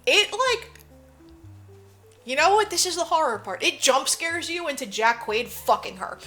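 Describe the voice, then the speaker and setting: A woman podcast co-host retelling a film in loose, casual chat. Her voice is high and bright, broken up by laughs, swearing and quick acted-out lines. Faint music plays in the background. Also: very animated. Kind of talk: casual movie recap chat.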